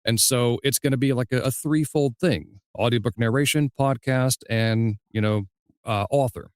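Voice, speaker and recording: Easygoing host with a faint Southern lilt. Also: male voice, medium pitch, a little mellow, clean tone, no room sound, studio quality. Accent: slight Southern US. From Southern United States. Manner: easygoing, storytelling, measured questions. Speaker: podcast host and audiobook narrator. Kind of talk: casual interview chat.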